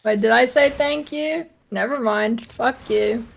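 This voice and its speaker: Gravelly-voiced woman streamer teasing chat. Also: a little high, measured pace. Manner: joking, teasing chat banter. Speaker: game streamer.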